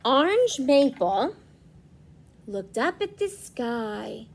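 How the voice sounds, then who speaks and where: A young woman, a preschool teacher, reading a storybook aloud to children and gently asking them questions. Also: on the high side, expressive, takes it slowly.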